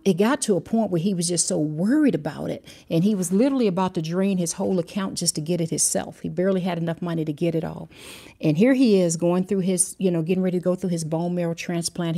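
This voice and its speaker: Mellow, husky-voiced woman preaching. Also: fairly low pitch. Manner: earnest storytelling, drifting and circling back. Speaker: Christian teacher and mentor. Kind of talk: livestreamed devotional talk. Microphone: livestream camera mic.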